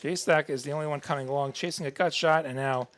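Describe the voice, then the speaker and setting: A man's voice: a little high, quick pace, slight background noise. Chatty male poker commentator. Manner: relaxed, chatty, corrects himself on air. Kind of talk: live play-by-play commentary.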